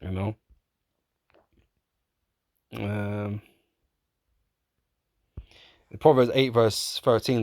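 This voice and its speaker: A man preaching in a casual, profane way, often laughing, calling listeners man and bro, and reading scripture slowly in old-fashioned wording. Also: on the low side, steady tone, a little mellow, no echo, clean studio sound. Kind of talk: street-style sermon, reading scripture.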